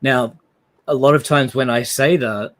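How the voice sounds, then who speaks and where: A man's voice: medium pitch, steady tone, measured pace, a bit bright. A man with an Australian accent in a casual discussion, talking loosely with many fillers and hedges. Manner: rambling, lots of fillers and hedges.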